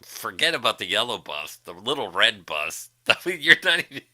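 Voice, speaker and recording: A man's voice: lowish voice, very animated, normal speed, sharp tone. A man hosting a casual livestream, profanely mocking a rival with frequent laughter. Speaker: livestream host.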